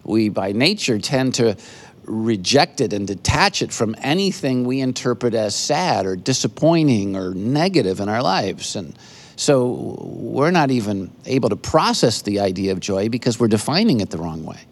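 An older man preaching a sermon as pastor, earnest, often pausing and repeating words, speaking from an empty church building. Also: fairly low pitch, sing-song.

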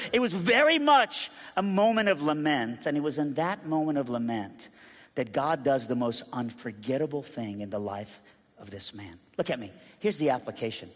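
Male preacher, high voice, dynamic delivery with humorous asides, big reverberant church hall. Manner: dynamic, swings between loud emphasis and hushed intensity. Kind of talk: sermon. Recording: long reverb of a large hall.

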